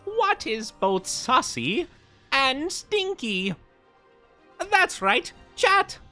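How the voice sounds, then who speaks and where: Man doing a high, gloating Riddler. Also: very animated, extremely slow, pushed and bright, faint music behind, exaggerated voice. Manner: theatrical, drawn out, gloating. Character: smug riddling male villain.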